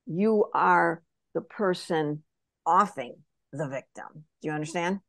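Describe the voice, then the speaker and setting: Speaking slowly with vocal fry in a lowish register, this woman, a spirit messenger on a podcast, tells a spiritual reading like an animated story. She plays out small quoted voices and keeps checking in with her listener. The sound is dry and close, with no sense of a room.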